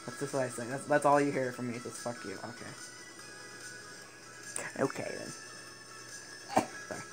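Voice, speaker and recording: A teenage boy giving excitable gaming commentary, swearing and laughing often. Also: medium pitch, moderate pace, low-quality recording. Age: teens. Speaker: gaming YouTuber. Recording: game music playing behind the voice.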